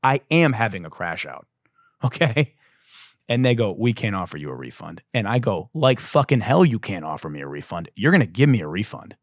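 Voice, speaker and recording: A man hosting a podcast, telling a comic story as a profane, exasperated rant that bursts into shouting. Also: on the low side, fairly quick, no echo, clean studio sound. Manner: profane, exasperated, animated ranting with shouted outbursts. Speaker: podcast host.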